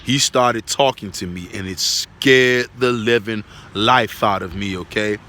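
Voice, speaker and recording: A man's voice: on the low side, unhurried, sharp tone, slight background noise. A man giving an earnest spoken religious testimony, repeating himself and checking in with tag questions.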